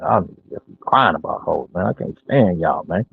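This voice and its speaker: A man's voice: low-pitched, lively intonation, normal speed, creaky, husky. Brash, slangy man on a tinny line. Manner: brash, boastful, slangy street talk. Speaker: streamer giving dating talk. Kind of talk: casual monologue to camera. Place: his own small studio room.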